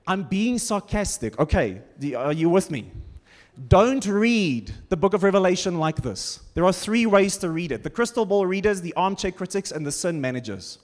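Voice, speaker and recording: A man's voice: high voice, sing-song, normal speed. A man preaching a sermon as pastor, conversational and humorous with sarcastic asides. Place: large church auditorium. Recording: long church-hall reverb.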